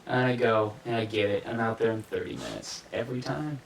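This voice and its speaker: A man hosting a casual podcast chat, relaxed and halting, often repeating words as he gets going. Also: fairly low pitch, creaky. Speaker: podcast host. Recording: echoey room, distant mic, faint hiss.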